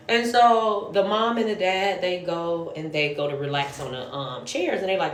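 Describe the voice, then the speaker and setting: A woman's voice: lowish voice, normal speed, hardly any pauses, a little hiss or hum. Blunt, roomy-sounding woman telling a story. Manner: blunt, profane and exasperated. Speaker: nanny. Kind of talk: casual storytelling. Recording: roomy echo.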